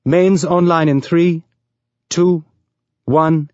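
Calm female pilot voiced by a man, clipped, higher pitched, dry recording. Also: drawn-out words, no echo, lo-fi sound. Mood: tense, clipped.

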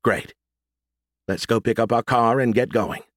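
A man voicing a bossy, sharp-tongued woman who talks in a curt, bickering way. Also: mid-range voice, a little slow, dry recording, studio quality, natural voice. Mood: commanding.

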